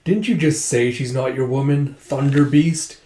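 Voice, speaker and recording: A man's voice: mid-range voice, steady tone, unhurried, dark tone, close to an everyday voice. Man doing an arrogant warlord king, taunting, story recap, echoey room. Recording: roomy echo.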